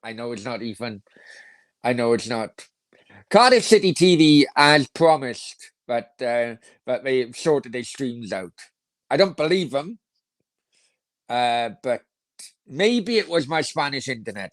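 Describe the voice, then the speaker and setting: A man's voice: mid-range voice, a bit bright, no room sound. A man hosting a casual football live stream, rambling crudely, swearing freely and reading viewer comments aloud. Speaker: football channel host.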